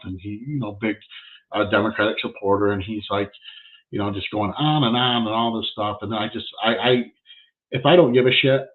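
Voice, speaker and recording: A man hosting his own show, telling a story in a blunt, plain-spoken casual monologue. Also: fairly low pitch. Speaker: podcast host, shop owner. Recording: tinny phone-like sound.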